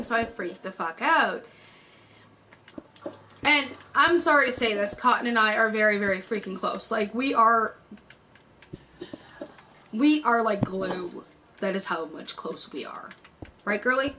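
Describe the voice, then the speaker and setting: A woman's voice: fairly high pitch, measured pace, pauses often, pushed and bright, slight background noise, rough recording. A woman rambling through a personal story in casual chat, swearing freely and acting out what people said. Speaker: YouTube host.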